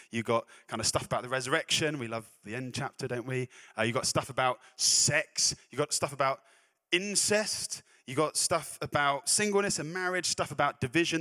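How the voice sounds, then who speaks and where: Man, sermon, self-deprecating asides, mid-pitched voice, echoey hall reverb. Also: a bit bright. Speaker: preacher. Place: church hall.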